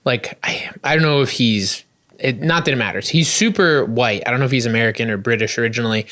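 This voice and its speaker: A man hosting a podcast in a casual, animated way, peppering his speech with "like". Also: medium pitch, fast. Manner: animated, leans on "like" as filler. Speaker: podcast host. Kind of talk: casual conversation.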